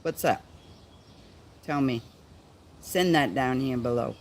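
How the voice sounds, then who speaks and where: A man from the United States hosting a casual livestream chat, reading viewer comments slowly and halting often, with a playful, theatrical, diva-like manner. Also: mid-range voice, slight background noise. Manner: slow and halting when reading comments, many ums. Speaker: livestream host.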